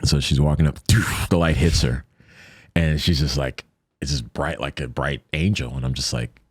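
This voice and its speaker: A man's voice: rumbling low, normal speed, breathy edge, dry recording. A man as a podcast guest, telling a personal story in a loose, rambling way and acting out the voices of people in it. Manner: animated, acts out quoted voices. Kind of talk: casual storytelling.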